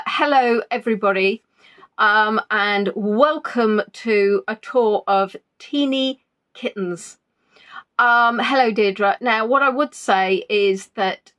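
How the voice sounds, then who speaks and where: A woman's voice: on the high side, a bit bright. A woman hosting a casual livestream from home, chatting in a rambling, self-deprecating way, still not fully recovered from an illness. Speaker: livestream host. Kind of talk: casual live-stream chat.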